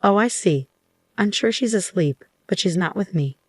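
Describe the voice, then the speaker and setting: A woman's voice: medium pitch, lively intonation, moderate pace, no echo, clean studio sound, lightly acted. A woman voicing a selfish, deceitful husband in an offhand, casual way within a spoken story.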